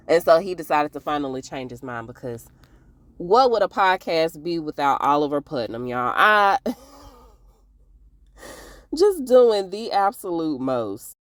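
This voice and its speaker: A woman hosting a casual TV recap, chatty and expressive, laughing often and talking straight to her viewers. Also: low-pitched, unhurried, long pauses, no echo. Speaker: TV recap host.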